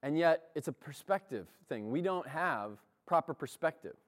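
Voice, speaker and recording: Animated, lively male church preacher. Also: a little high, normal speed. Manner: animated, conversational, laughs often. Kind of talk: sermon.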